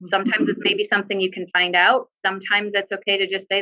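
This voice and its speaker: A woman's voice: medium pitch, level tone, quick pace, sharp tone, muffled recording. A woman working as a bereavement social worker, giving earnest, direct advice with frequent fillers on a video call. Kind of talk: webinar discussion, giving advice.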